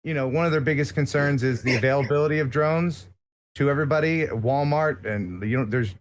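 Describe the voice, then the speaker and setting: A man's voice: medium pitch, a little fast, a little hiss or hum. American man rambling in casual chat. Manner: rambling, joking, lots of filler words. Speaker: guest. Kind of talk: casual live-stream chat.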